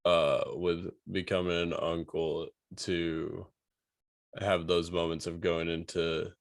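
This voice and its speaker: A man's voice: low voice, level tone, slow pace, dry recording, clean studio sound. A man co-hosting a podcast, laid-back and joking in casual chat.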